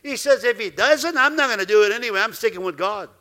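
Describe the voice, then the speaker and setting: High, bright-voiced man preaching a sermon. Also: fast talker. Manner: lively, laughing asides, acts out quoted voices. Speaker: pastor.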